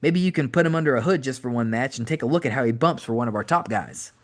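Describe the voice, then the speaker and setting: A man voicing a fast-talking, excited male wrestling manager in an audiobook, with a rapid machine-gun delivery. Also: mid-range voice, natural voice.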